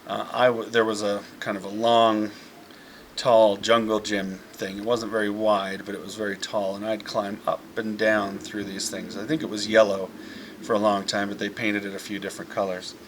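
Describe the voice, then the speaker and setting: A man's voice: lowish voice, level tone, moderate pace, slight background noise. Man recalling a childhood memory. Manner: rambling, fond storytelling with fillers. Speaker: eldest son sharing a memory. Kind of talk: heartfelt message to camera.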